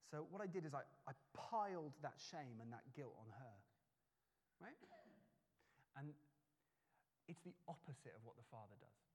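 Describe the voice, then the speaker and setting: Animated preacher man in a reverberant hall. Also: on the high side, normal speed, long pauses. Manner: animated storytelling, acts out calling and scolding, stammering restarts. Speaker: pastor. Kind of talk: sermon with personal story. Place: church hall.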